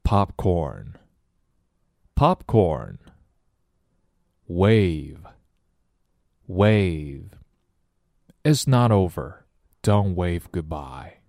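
A man's voice: low-pitched, drawn-out words, vocal fry, long pauses, no echo, studio quality. A middle-aged man hosting a recorded language lesson. He jokes as he explains words and reads example sentences aloud. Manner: lively and joking, switching between explaining and reading aloud. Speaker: English teacher.

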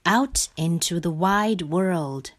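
A woman voicing a firm, adventurous male rat who speaks in a brisk, stern way. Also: on the low side.

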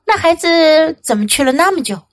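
A woman reading a storybook aloud, voicing a jittery, boastful male fox in a high, excitable voice. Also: fairly quick. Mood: startled.

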